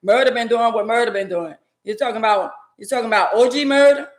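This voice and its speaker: A woman's voice: fairly high pitch, fast talker, reverberant. Blunt woman talking back to chat. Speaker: live-stream host. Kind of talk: casual live-stream commentary.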